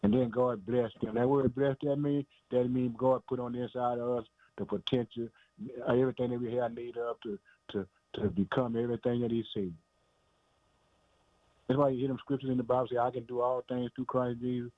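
A man's voice: mid-range voice, fairly even intonation, fairly quick, no room sound. A man preaching a sermon in an emphatic, repetitive way, often calling his listeners "man" and "boy.". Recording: dry, phone-like narrow sound.

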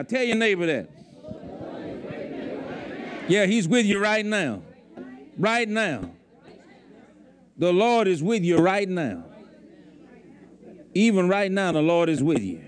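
High-voiced preacher pressing his point. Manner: emphatic, repeats lines for the congregation. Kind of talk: sermon. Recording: faint crowd from the congregation. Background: congregation.

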